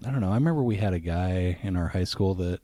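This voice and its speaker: A man's voice: sits low, lively intonation, fast, mellow, no echo. A man hosting a podcast in casual chat, swearing freely and rambling through asides. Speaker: podcast host.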